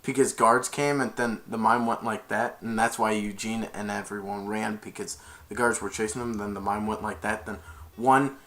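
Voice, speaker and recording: A man's voice: lowish voice, steady tone, normal speed, a bit bright. A man casually retelling a movie, rambling with many restarts. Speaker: movie reviewer.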